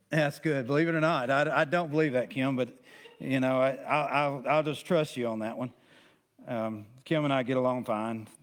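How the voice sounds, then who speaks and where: Male pastor leading a casual Bible study; folksy, rambling teacher, chatty asides. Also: mid-range voice. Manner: rambling, conversational, with many restarts and asides; folksy, plain-spoken.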